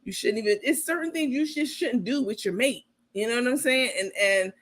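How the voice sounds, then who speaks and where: A woman hosting casual comedic commentary, animated, playful and profane. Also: on the high side, a little fast, few pauses. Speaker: host.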